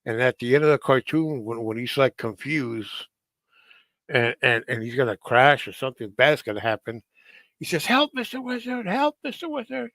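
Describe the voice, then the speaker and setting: A man's voice: mid-range voice, normal speed, a bit bright, dry recording. A man chatting casually to camera in a rambling, hesitant way with many fillers.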